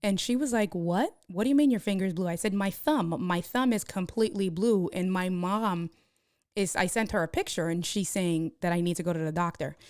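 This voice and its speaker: A young woman telling a story to her live stream viewers, casually and animatedly, jumping up in pitch when she acts out the people in it. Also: brisk, smooth, no echo, clean studio sound. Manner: animated, acts out quoted voices with jumps in pitch.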